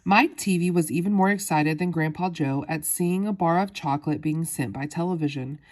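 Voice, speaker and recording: A woman narrating a children's novel aloud in a fairly low voice. She reads steadily, with the odd small slip. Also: moderate pace. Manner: steady storytelling with small slips. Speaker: audiobook narrator.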